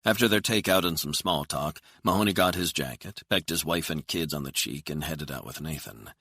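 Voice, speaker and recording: A man narrating a thriller audiobook in steady, even storytelling. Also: a bass voice, moderate pace, husky, dry recording, clean studio sound.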